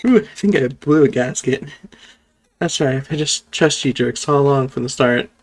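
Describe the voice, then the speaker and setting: A streamer chatting casually over a game and reading its cutscene lines aloud in quick voices. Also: medium pitch. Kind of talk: casual let's-play chat with voiced readings.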